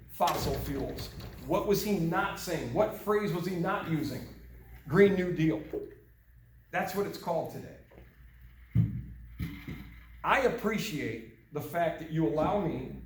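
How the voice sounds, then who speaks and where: A man's voice: a little high, far from the mic, slight background noise. An older man giving an earnest talk to a meeting group, posing rhetorical questions. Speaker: meeting speaker. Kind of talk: speech to a small group. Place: meeting room. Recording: echoey room, mic from afar.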